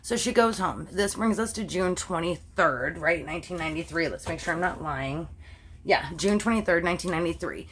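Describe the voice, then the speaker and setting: A woman's voice: on the low side, brisk, a little hiss or hum. A Canadian woman telling a true crime story to her viewers in a casual, chatty way, full of "like" and swear words she stops herself from saying. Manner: chatty, animated, heavy use of "like", self-censoring swears.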